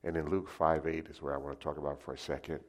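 A man preaching a sermon, telling lively stories and acting them out with sound effects. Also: a bass voice, fast. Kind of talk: sermon with storytelling.

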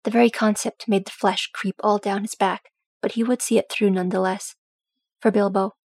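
A woman reading a fan fiction audiobook in a steady, even storytelling manner. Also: medium pitch, normal speed, husky, no echo. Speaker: audiobook reader.

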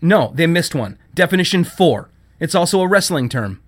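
A man's voice: fairly high pitch, sing-song, moderate pace, pitched above the performer's own voice. A man reading a story, voicing an indignant, sarcastic young woman who works in a shop. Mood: scornful. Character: sharp-tongued young woman, fiery shop worker.

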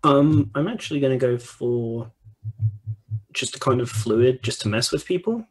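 A man with a mid-pitched, slightly husky voice chats casually with a hesitant, self-deprecating manner. His words come with small pauses and fillers. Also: poor audio. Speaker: player. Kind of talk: casual chat.

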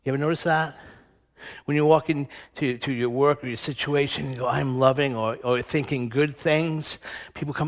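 A man's voice: mid-range voice, steady tone, normal speed, big-room sound. A middle-aged man giving a conversational sermon, telling personal stories and acting out the voices in them. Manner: conversational storytelling, acts out voices. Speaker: speaker at a spiritual center.

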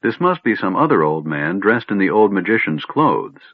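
Guy reading a fantasy book aloud, low husky voice, phone-line sound. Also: normal speed, no echo. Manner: expressive storytelling. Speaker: audiobook narrator. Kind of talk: scripted narration. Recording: narrow phone-like sound, dry.

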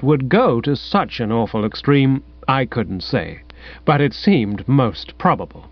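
A man's voice: medium pitch, no echo. A man narrating a comic story in the first person with an airy, wry manner. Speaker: audiobook narrator. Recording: dull, dry, lo-fi sound.

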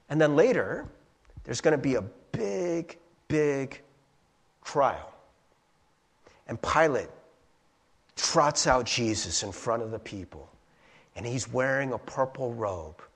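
Pastor guy preaching, husky voice, high and super lively, jumps way up for crowd bits. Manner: animated, acts out crowd voices, asks rhetorical questions. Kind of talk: sermon.

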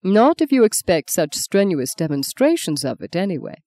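A woman's voice: fairly low pitch, very animated, normal speed, mellow. A woman voicing an ardent, teasing man in his thirties who speaks tenderly and earnestly in an audiobook.

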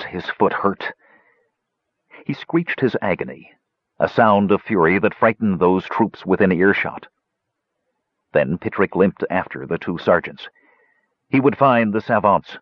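A man narrating a fantasy audiobook in an expressive storytelling manner. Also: lowish voice, dry recording, highs cut off.

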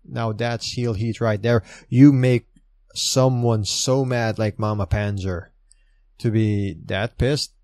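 A man hosts a relaxed spoken recap in the manner of a chatty, enthusiastic fan. He talks slowly and loosely, piling on asides and fillers. His voice sits dry and close, with little room sound around it. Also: on the low side, dry recording. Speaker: podcast host recapping wrestling shows. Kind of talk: casual monologue recap.

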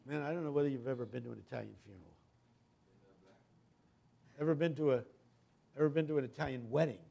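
Gravelly older preacher, storytelling. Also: male voice, medium pitch, quick pace. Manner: storytelling preacher who builds to loud impassioned crescendos. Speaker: guest preacher. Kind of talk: sermon.

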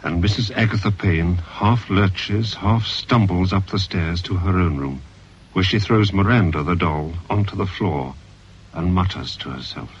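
A man narrating a vintage radio drama in a measured, dramatic way. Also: sits low, breathy edge. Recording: dull lo-fi old radio recording, distant.

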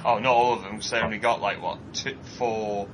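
A man co-hosting a casual chat show, ranting animatedly and mocking people in put-on high voices. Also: fairly even intonation, a little fast, noisy background. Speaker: podcast co-host.

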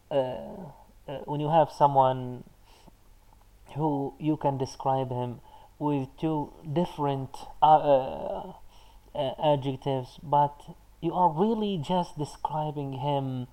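A man teaching an online lesson, explaining patiently and pausing often with filler sounds as he answers chat comments. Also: on the high side, dark tone, poor audio. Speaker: Arabic teacher.

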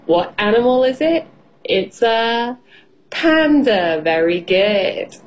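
A woman teacher on an educational radio show, reading a children's story aloud and asking learners simple questions in a slow, clear, encouraging way. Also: on the high side, animated. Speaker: English teacher. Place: radio studio.

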